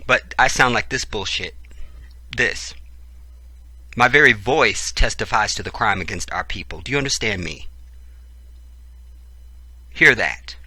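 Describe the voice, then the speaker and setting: A man's voice: lowish voice, lively intonation, a little slow, long pauses, bright, forceful tone, slightly rough, no echo. A man hosting his channel, reading a book aloud and breaking off into profane, preachy commentary. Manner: profane, preachy asides between read passages. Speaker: channel host.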